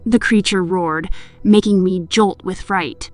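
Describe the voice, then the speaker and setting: A woman's voice: fairly low pitch, fairly even intonation, measured pace. A woman narrating a horror story and voicing the heroine with emotion. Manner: emotional, voices the heroine's pleading lines. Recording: music in the background.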